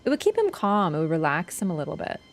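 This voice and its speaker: A young woman chatting casually on a game livestream, quick and self-mocking, laughing often. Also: deep voice, huge pitch swings, vocal fry, soft background music. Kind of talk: casual game-stream chat.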